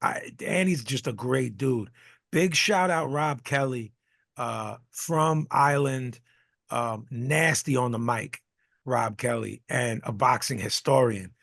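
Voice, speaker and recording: A man's voice: mid-range voice, takes it slowly, creaky, a bit bright, dry recording, clean studio sound. A man co-hosting a boxing podcast, talking loosely in casual chat with lots of restarts and fillers. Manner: rambling, many restarts and fillers. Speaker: podcast co-host.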